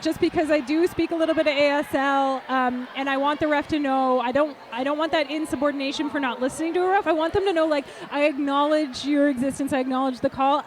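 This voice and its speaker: A woman's voice: high voice, slight background noise, poor audio. A woman commentating roller derby live, chatty and jokey, laughing at her own puns.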